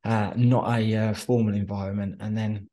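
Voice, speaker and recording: A man talking casually in an interview, telling stories and slipping into quick impressions of other people. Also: fairly low pitch, level tone, warm tone. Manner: chatty storyteller, drops into quick impressions of others. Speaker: interview guest, former soldier turned entrepreneur. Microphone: phone call.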